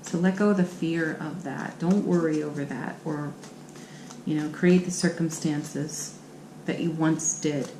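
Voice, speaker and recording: A woman with a fairly low voice reads tarot cards for her viewers. She talks in an affirming, encouraging way. The room gives an echoey sound over faint background ambience. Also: steady tone, unhurried, background noise. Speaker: tarot reader. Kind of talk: channel tarot reading.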